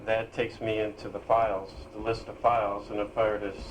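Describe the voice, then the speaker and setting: A man demonstrating his own screen reader program, explaining it in a halting way with pauses and fillers. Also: fairly low pitch, flat delivery, slight background noise, low-quality recording. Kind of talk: casual software demonstration.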